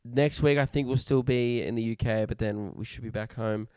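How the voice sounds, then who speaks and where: A man co-hosting a casual podcast, ribbing his partner with dry jokes. His voice is smooth and clear at a middle pitch, recorded close and dry with no room sound. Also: normal speed, a little mellow, dry recording. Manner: joking, teasing banter. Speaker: podcast co-host. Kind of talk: casual chat.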